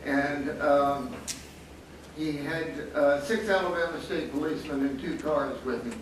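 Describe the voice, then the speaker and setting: An older man in his seventies spins a wry anecdote at a panel discussion, chuckling now and then. His voice sits a little high for a man. He is picked up from a distance in a large, echoing hall, with a clear hum of noise behind him. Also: measured pace. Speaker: panelist, former student photographer. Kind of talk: storytelling at a panel talk. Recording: echoey hall, distant mic, audible noise.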